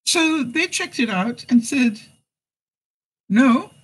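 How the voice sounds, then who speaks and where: A woman's voice: medium pitch, animated, a little slow, a bit bright, poor audio. Chatty woman vlogger giving life advice. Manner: chatty storyteller who acts out phone conversations and laughs between points. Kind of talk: casual direct-to-camera chat.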